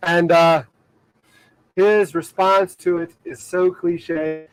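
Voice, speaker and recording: A man with a rather high voice talks to his live-stream viewers from the deck of a boat. He is from Ohio and speaks loosely, with plenty of fillers and easy laughter. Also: steady tone, very slow, pauses often, clean tone, no echo, low-quality recording. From Ohio, USA. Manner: rambling, filler-heavy talk with many "like"s and frequent laughter. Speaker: livestreaming boat vlogger. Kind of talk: casual live-stream chat. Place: outdoors on a boat on the water.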